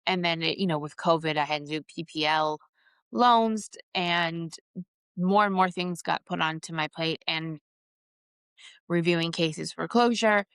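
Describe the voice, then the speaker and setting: A woman's voice: on the low side, measured pace, fairly bright tone, clean tone, dry recording. A middle-aged woman hosting a podcast, telling a personal story candidly and with feeling. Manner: candid, emotional, reenacts her own outbursts. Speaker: podcast host.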